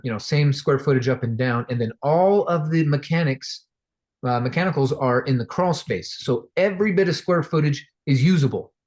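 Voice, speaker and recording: Male real estate trainer, mid-pitched everyday voice, chatty storyteller who acts out the characters in his anecdotes. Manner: animated, acts out quoted voices; conversational with fillers and restarts. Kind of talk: casual storytelling lesson.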